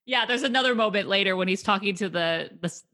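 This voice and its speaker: A woman's voice: mid-range voice, quick pace. Woman podcaster going over a movie plot, chatty, acts out the lines. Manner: animated retelling with acted-out quotes. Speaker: podcast co-host. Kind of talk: casual film review chat.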